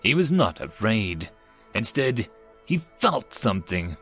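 A man narrating a science-fiction web novel as an audiobook in a steady storytelling read. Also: fairly low pitch, a little slow, slightly rough, faint music behind. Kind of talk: scripted narration.

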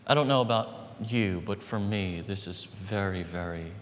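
A man preaching a sermon as pastor, emphatic, repeating phrases and slowing down on key words. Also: fairly low pitch. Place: church hall. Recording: reverberant hall with faint background noise.

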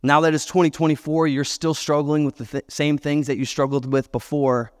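A man's voice: fairly high pitch, little pitch movement, brisk, smooth. A man in his thirties, a pastor preaching a sermon and telling a self-deprecating personal story with chatty asides. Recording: long hall reverb.

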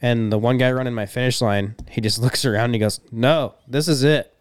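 Young male podcast co-host, smooth and dry, relaxed storyteller who swears casually. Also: medium pitch, quick pace, no room sound. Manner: laid-back storyteller, swears freely, laughs often. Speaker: podcast co-host and race promoter. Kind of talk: casual chat.

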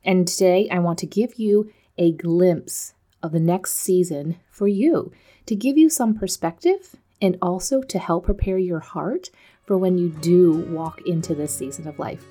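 A woman's voice: fairly low pitch, measured pace, warm tone, faint music behind. A woman in her forties hosting a podcast, talking candidly in a chatty, self-deprecating way with frequent laughs. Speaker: podcast host. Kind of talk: candid personal monologue.

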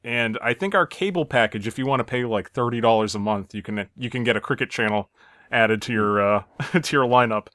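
A man's voice: mid-range voice, a little fast, a bit bright, no room sound, clean studio sound. An American man hosting a podcast in casual chat, easygoing, often chuckling and hedging with "I think". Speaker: podcast host.

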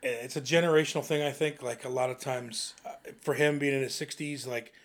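A young man co-hosting a podcast, telling family anecdotes in a casual, animated way and often laughing. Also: medium pitch, brisk. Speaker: podcast co-host. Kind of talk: casual chat, storytelling.

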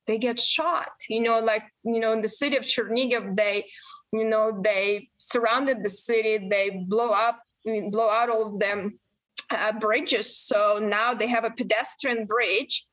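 A woman in her forties answering interview questions earnestly, often halting and restarting her sentences. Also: a little high, fairly even intonation, a bit bright. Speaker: guest, member of Congress.

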